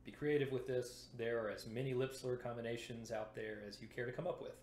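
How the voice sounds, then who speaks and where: A man teaching brass playing in a lesson video, explaining clearly and methodically while sounding out syllables to demonstrate. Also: medium pitch, steady tone, fairly quick, a little mellow, echoey room, slight background noise.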